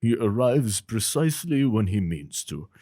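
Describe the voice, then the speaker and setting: A man's voice: fairly low pitch, sing-song, dark tone, dry recording, studio quality. Gandalf, as a man mimics a grave old wizard. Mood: solemn. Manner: slow, solemn pronouncement.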